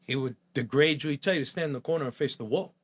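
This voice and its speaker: A man's voice: mid-range voice, rapid-fire. A middle-aged man from New Jersey, a chef guest on a podcast, telling his story bluntly and with profanity, often acting out quoted voices.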